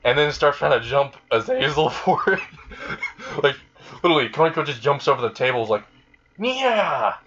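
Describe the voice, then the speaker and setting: A man's voice: mid-range voice, brisk, a bit bright, muffled recording. A man casually retelling a fan-made story in a rambling way, with many fillers. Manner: rambling, frequent fillers and laughing.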